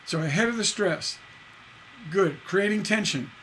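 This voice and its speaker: A man's voice: high voice, a little slow, fairly bright tone, a little hiss or hum. A man teaching a live-streamed songwriting lesson, casually explaining lyric stresses, singing and humming lines and tapping out da-da rhythms to show them. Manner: explains casually, checks in with "right?" and answers chat. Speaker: songwriting instructor.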